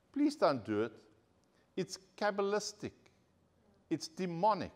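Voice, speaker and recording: Male pastor, church sermon, earnest preaching, calls for amens. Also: on the high side.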